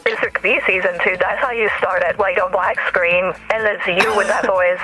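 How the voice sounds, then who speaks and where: A man eagerly pitching ideas in a casual group chat. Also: steady tone, normal speed, pushed and bright, husky, rough recording. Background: music.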